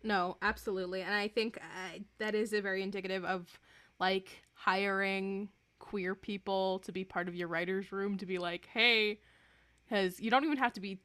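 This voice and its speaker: Woman co-host, bright voice, dry close sound, rambling casual fan-chat delivery. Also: medium pitch, fairly even intonation, moderate pace, clean tone, no echo. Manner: rambling, self-correcting, laughs often. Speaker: podcast co-host.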